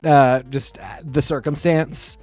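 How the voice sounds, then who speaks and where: A man's voice: on the high side, fairly even intonation, measured pace, a little mellow. A man co-hosting a podcast in casual chat, thoughtful and hesitant with frequent restarts. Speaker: podcast co-host.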